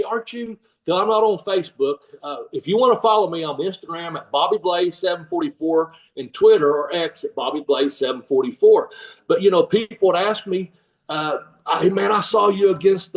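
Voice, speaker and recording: A man's voice: sits high, distant mic, rough recording. An older man, rambling through a story in a casual interview, laughing often and acting out the people he quotes. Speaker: guest, former pro wrestler and trainer.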